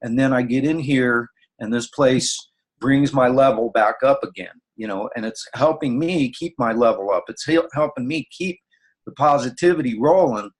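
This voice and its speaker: A man of middle pitch shares his thoughts in casual chat on a morning talk show. He speaks with heartfelt sincerity and often restarts his sentences. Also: normal speed.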